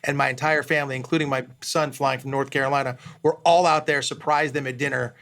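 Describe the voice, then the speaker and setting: Man in his fifties, podcast guest: gravelly, mid-range voice, speaks candidly, stops and restarts often. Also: medium pitch, steady tone, fast talker, a bit bright. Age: 50s. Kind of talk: candid conversational interview.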